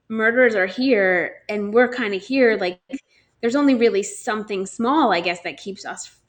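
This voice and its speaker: A young woman from New Jersey co-hosting a casual talk show, chatty with lots of fillers and frequent laughs. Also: medium pitch. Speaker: podcast co-host. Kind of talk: casual chat.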